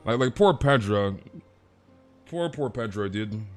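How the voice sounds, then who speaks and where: A man's voice: expressive, a little slow, soft background music. A man streaming a game, chatting casually and rambling with repeated words. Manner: rambling, repetitive, trails off low.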